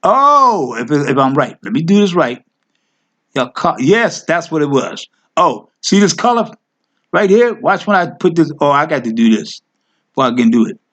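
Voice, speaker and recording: A man's voice: a little high, sing-song, normal speed, a bit bright. A man teaching a Hebrew word lesson, thinking aloud as he clicks through his screen, correcting himself and coaxing his listeners along. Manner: addresses listeners as family. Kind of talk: informal screen-share lesson.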